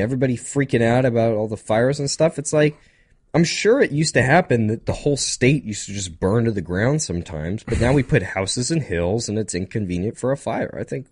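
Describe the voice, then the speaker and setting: A man's voice: medium pitch, darkish tone, husky, no echo. Rambling young man, dry close sound. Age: young adult. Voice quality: nasal. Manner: rambling, quick asides and laughs. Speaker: podcast co-host. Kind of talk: casual chat.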